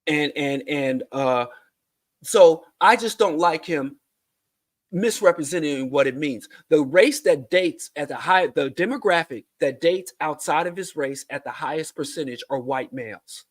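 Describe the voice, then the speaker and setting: A man's voice: on the high side, unhurried, dry recording. Emphatic man arguing his point. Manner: emphatic, argumentative. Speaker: podcast guest. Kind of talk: casual podcast discussion.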